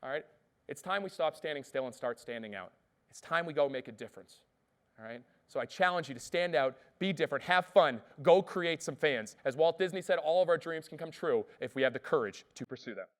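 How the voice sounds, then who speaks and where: A man giving an energetic motivational keynote on stage, telling stories and checking in with the audience. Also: on the high side, fairly quick. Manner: energetic storytelling, often asks "all right?". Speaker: keynote speaker. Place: conference stage before an audience.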